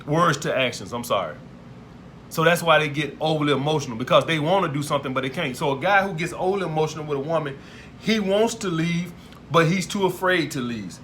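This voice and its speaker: A man's voice: fairly high pitch, a bit bright, a little hiss or hum. A man, giving blunt dating advice in a profane monologue and repeating his points emphatically. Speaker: dating advice video host.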